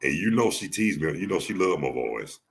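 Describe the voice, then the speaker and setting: A man with a deep voice and a Southern US accent, hosting a casual podcast chat and telling jokey stories, often restarting his phrases. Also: big pitch swings, fairly quick. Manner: joking storyteller, repeats and restarts phrases. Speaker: podcast host.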